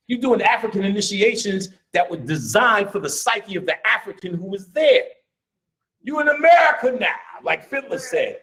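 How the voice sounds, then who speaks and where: A high-voiced man delivers a casual, profane live lecture, blunt and full of swagger, bursting into laughs and shouts as he gets worked up.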